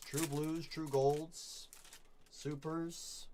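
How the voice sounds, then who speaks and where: A man hosting a live card break, chatting with viewers and calling out each pull with bursts of excitement. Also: on the high side, extremely slow, slight background noise. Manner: upbeat, chatty, reads chat and calls out pulls with bursts of excitement.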